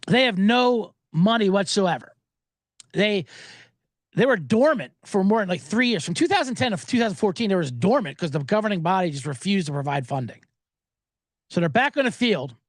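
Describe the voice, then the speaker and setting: This sports betting podcast host has a high, very animated voice and speaks fairly quickly. Recorded dry at studio quality, he rambles casually with jokes, swearing, and frequent asides.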